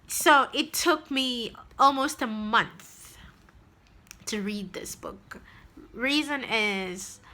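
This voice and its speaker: A woman with a Zimbabwean accent giving an excitable, gushing book review vlog, with laughing, breathless asides. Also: medium pitch.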